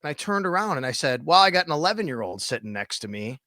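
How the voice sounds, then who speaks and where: A middle-aged man, hosting a casual sports podcast and retelling stories with animated detail. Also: fairly high pitch, quick pace, no room sound, clean studio sound. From Western New York. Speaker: podcast host.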